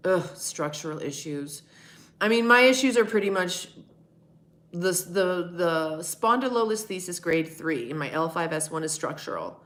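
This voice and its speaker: A woman's voice: on the low side, animated, normal speed. A middle-aged woman hosting a live stream, answering chat in a candid, rambling way and swearing freely. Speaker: livestream host answering chat.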